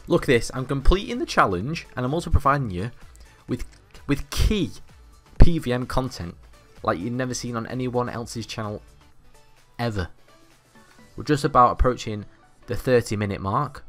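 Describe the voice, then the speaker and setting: A man's voice: medium pitch, big pitch swings, moderate pace, soft background music. A young man, host of a gaming channel, giving cocky, boastful gameplay commentary full of banter and swearing.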